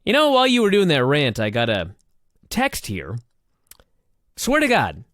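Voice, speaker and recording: A man co-hosting a casual chat, with a fairly high voice that leaps all over the place. He drops wry, sarcastic asides and swears freely. The sound is close and dry. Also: wildly swooping pitch, normal speed, a bit bright, no room sound. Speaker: podcast co-host.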